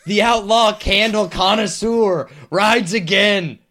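Brief: a man doing a loud, drawn-out outlaw announcer, pitched high and pushed hard, sitting back from the mic. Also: exaggerated voice. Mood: hyped.

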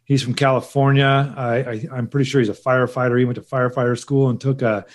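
A man's voice: mid-range voice, flat delivery, fast talker. Hesitant man in casual chat. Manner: hesitant, many restarts and fillers. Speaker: podcast co-host.

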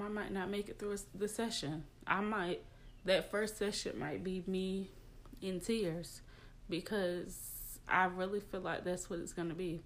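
A young adult woman hosting a personal podcast, talking in a confiding, emotional way with many fillers. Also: fairly low pitch. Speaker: podcast host. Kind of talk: casual personal podcast talk.

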